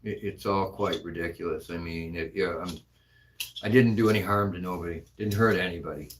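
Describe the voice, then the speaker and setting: A man's voice: deep voice, brisk, a little hiss or hum. A man co-hosting a casual talk stream, speaking indignantly and repeating his points. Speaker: co-host. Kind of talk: casual chat.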